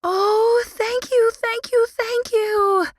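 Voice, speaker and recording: A woman voicing an excitable, romantic teenage girl who gushes loudly and squeals with delight. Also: high voice, slow, no echo, pitched above the performer's own voice. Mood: squealing. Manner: squealing, gushing and loud.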